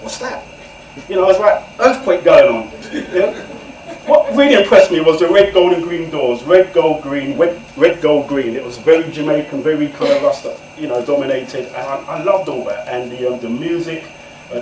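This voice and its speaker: A higher-voiced man in his forties shares his life story with a live audience in a candid, conversational way. He keeps turning to the listeners to draw them in. His voice reaches the mic from a distance, echoing off the walls of the room over faint background ambience. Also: a little hiss or hum. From England. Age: 40s. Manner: candid, conversational, often addresses the audience directly. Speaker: guest author speaker. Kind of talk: personal storytelling talk to an audience. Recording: echoey room, far from the mic.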